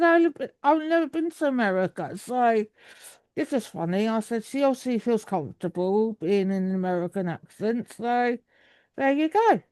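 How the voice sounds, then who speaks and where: A chatty woman, talking over a video call. Her voice sits a little high, and she rambles on with many restarts. The sound is dry and close. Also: animated, normal speed, darkish tone, no echo. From England. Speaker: guest. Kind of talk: casual video call chat.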